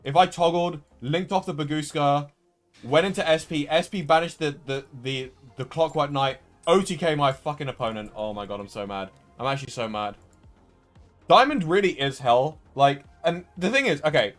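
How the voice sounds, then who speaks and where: A man's voice: a little high, moderate pace, soft background music. A young man streaming a card game live, talking through a loss with frustration and repeating himself. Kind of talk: live gameplay commentary.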